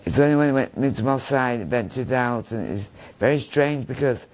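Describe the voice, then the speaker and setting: A man's voice: medium pitch, moderate pace, darkish tone, poor audio. A middle-aged man from Norway with a Manchester accent, telling rambling stories in a casual interview and often repeating himself. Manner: chatty, rambling, repeats himself, laughs at his own stories. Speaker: guest.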